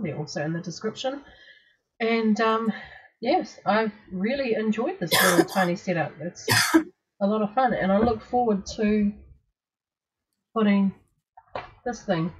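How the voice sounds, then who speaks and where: A woman's voice: mid-range voice, breathy edge. A woman co-hosting a show in casual chat, easygoing and trailing off with fillers and small laughs. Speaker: co-host of a vaping show. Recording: dull lo-fi sound.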